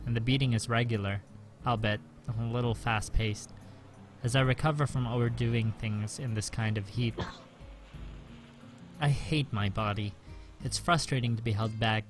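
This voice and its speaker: A man, a let's play host, steadily reading a visual novel's first-person narration aloud. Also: medium pitch.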